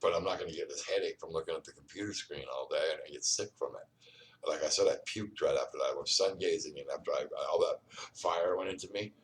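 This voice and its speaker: A man's voice: a bass voice, quick pace, recorded from a distance, low-quality recording. A man talking at length in a rambling, preachy monologue, repeating himself and urging the listener on, recorded at home. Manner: repetitive, restarts often, keeps saying "you know what I mean". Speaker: vlogger. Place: indoors at home.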